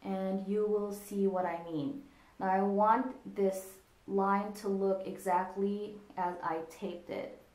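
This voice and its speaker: A woman walks through a casual makeup tutorial, explaining each step as she works on herself. She speaks into a computer camera at her desk, and her voice carries a noticeable room echo. Her pitch sits in an ordinary middle range. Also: level tone, slow, darkish tone. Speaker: makeup vlogger. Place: indoors at a desk with a monitor. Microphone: computer camera in front of her. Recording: echoey room.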